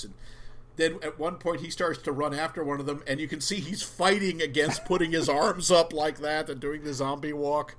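A wry man in casual chat who often trails off and restarts his thoughts. His voice sits a bit high for a man, with faint noise under the recording. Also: brisk, fairly bright tone. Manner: rambling, restarts sentences, wry.

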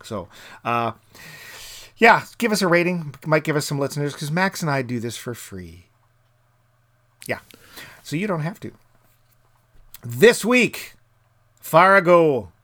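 Male podcast co-host, slightly high voice, jokey and playful on the plugs. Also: big pitch swings, takes it slowly, long pauses, fairly bright tone. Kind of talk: casual chat.

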